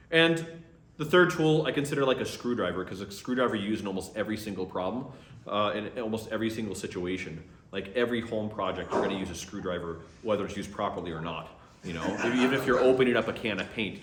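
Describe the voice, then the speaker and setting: A man's voice: fairly low pitch, a little hiss or hum. A man, a priest, teaching a class in a conversational way and acting out sample conversations. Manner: conversational, acts out sample dialogue. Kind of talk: lecture to a class. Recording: echoey room.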